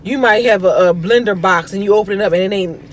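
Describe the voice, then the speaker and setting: A woman from Florida, hosting a vlog and telling a personal story in casual chat from inside a car, expressive and chatty. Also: medium pitch, fast talker, a little hiss or hum. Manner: chatty, expressive, voice rises for quoted reactions. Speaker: vlog host.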